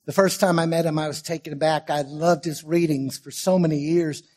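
A man preaching a sermon as pastor, emphatic, swinging from loud stressed lines to quiet asides and drawing out key words slowly. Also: on the high side, steady tone.

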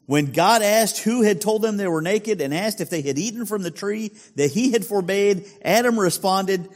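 A male pastor preaching with a lively, up-and-down delivery and a fairly high voice. He asks the congregation rhetorical questions in a chatty tone, and his voice carries a long hall reverb. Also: normal speed, hardly any pauses. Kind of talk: sermon.

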